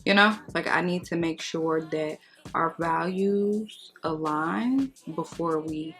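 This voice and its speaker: A woman's voice: sits low, takes it slowly, a bit bright, faint music behind. A woman beauty vlogger chatting casually while getting ready, outspoken and sassy with emphatic remarks. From United States. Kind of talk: casual get-ready-with-me chat.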